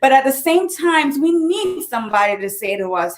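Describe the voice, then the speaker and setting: A woman's voice: high voice, expressive, normal speed, hardly any pauses. A woman who is a motivational speaker and author, giving an earnest, casual talk. She repeats her points, often restarts her sentences, and now and then fumbles for words. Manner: earnest and repetitive, with frequent restarts.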